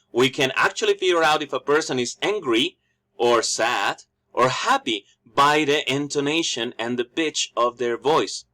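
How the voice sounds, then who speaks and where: A man with a Mexican Spanish accent and a bright, forward voice explains phonetics in an online lesson over slides. His pitch sits mid-range for a man, and he repeats and restarts words as he goes, checking in with "right?" and "okay?". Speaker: English teacher.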